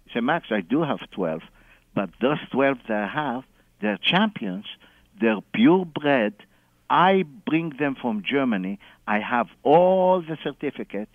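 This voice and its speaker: A mid-range, animated voice speaks a little slowly with no room sound as a man calls in to radio over a dull phone line. He relates a long story, chuckling plenty and playing the parts of people he quotes.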